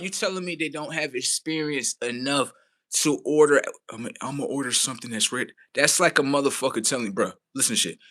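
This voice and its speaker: A man with rants to his stream. His pitch swings up and down and his tone is bright. He talks casually, incredulous, and swears freely. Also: fairly quick. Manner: animated, incredulous, swears freely, quotes others in his own voice. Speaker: livestream host. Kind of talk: casual storytelling rant.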